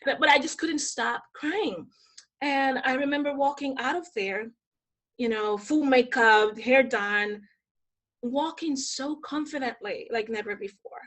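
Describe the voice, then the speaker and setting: Animated, high-voiced Dominican woman. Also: a little slow. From Dominican Republic. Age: young adult. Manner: animated, acts out quoted voices. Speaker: podcast guest. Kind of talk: casual storytelling interview.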